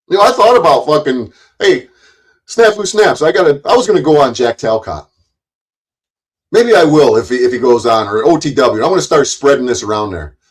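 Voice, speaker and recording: A man's voice: on the high side, poor audio. A middle-aged man delivering an angry, profane rant to the camera as a YouTube commentator, taunting his targets, swearing heavily and stumbling over repeated words. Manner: confrontational, taunting, swears heavily, stammers on restarts.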